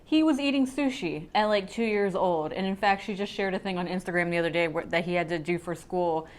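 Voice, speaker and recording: Woman, guest, casual chat, enthusiastic, lowish pitch. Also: flat delivery, quick pace. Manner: chatty, enthusiastic about food.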